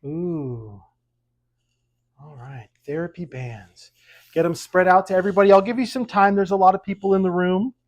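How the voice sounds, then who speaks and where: Pets wander around as an instructor guides a seated exercise class at home, counting each repetition aloud at a fairly quick pace. The coaching stays upbeat, steady and mid-pitched, sprinkled with light jokes.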